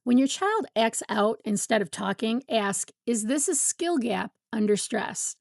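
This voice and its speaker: A woman giving a calm, measured educational talk to parents as a parenting educator. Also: a little high, vocal fry, no room sound, studio quality. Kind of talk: scripted educational talk to camera.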